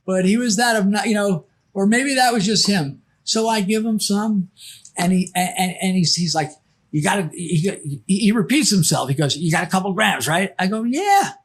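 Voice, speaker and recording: An older man, appearing as a podcast guest, tells a rambling, casual anecdote full of false starts. His voice sits high and he speaks at a normal speed.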